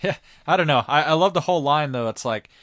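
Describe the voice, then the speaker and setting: A man with a slightly higher voice and lively intonation talks casually through movie scenes with his podcast co-host. He is relaxed and drops frequent fillers as he thinks aloud. The recording is dry and close. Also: fast talker, no room sound. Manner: laid-back, many fillers like "you know".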